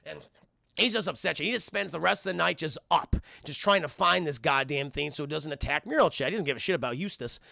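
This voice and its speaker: A man's voice: on the high side, quick pace, creaky, few pauses, pushed and bright, dry recording, clean studio sound. A man streaming a casual, rambling, profane cartoon recap to his chat.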